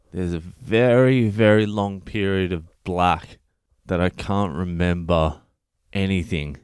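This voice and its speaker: A man's voice: lowish voice, clear, resonant tone, no room sound, clean studio sound. A middle-aged Australian comedian telling a story in a profane, comic way. He swears constantly and acts out his own lines. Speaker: comedian and podcast host.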